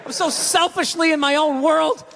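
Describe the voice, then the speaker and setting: A male stand-up comic with a very high, bright, forceful voice, ranting in an animated, profane way. His set is recorded in a live venue with a long reverb tail and faint background noise. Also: moderate pace, vocal fry. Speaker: stand-up comedian. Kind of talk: stand-up routine.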